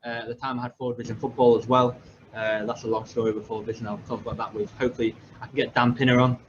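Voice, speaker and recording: Racing along in a flat, medium-pitched voice, a young English podcast host rambles through a casual story about himself. He is self-deprecating and keeps restarting and using fillers. The audio is slightly dull and lo-fi, with faint noise in the background.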